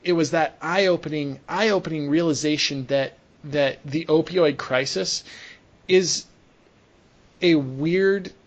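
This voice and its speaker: A man's voice: a little high, slow, dull audio. Young man telling a rambling story. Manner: storytelling with many restarts and filler words. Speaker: sports medicine clinician. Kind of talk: casual podcast conversation.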